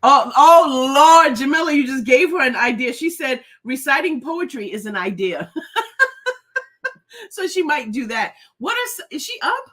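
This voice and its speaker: A woman's voice: sits high, sing-song, unhurried, fairly bright tone. A middle-aged woman hosting a casual live stream, chatty and laughing often as she greets viewers by name. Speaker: host.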